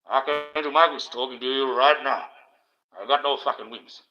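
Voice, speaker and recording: A man's voice: mid-range voice, steady tone, moderate pace, faint music behind. An Australian man ranting on a livestream, crude and profane, rambling with stumbling restarts. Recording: dull lo-fi stream audio.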